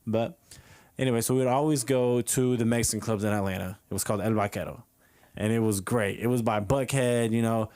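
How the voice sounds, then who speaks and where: This young man's open-mic stand-up set at a comedy club is a meandering story full of fillers, punctuated by his own chuckles. His voice is fairly low, a little mellow, clear and resonant.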